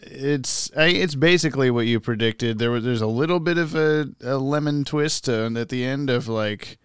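A young adult man co-hosting a podcast, chatting in a relaxed, rambling way with many fillers. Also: medium pitch, moderate pace, hardly any pauses, clear, resonant tone, no room sound, studio quality. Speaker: podcast co-host. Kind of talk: casual chat.

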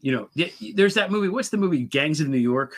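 A man co-hosts a podcast in a husky voice whose pitch moves a lot. He chats casually about politics in a wry, self-deprecating way and swears freely. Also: animated, quick pace, fairly bright tone. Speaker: podcast co-host.

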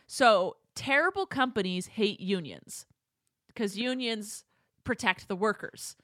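A woman hosting a casual chat show with her mother, ranting in an animated way and laughing often. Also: medium pitch, takes it slowly, no echo, clean studio sound. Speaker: host. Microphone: studio microphone.

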